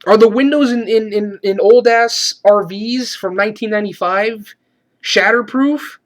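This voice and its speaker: Dude ranting about a film, annoyed, cursing constantly, gets loud mocking stuff. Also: male voice, sits high, unhurried. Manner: exasperated, swears a lot, shouts when imitating characters. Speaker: movie reviewer. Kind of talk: profane movie rant.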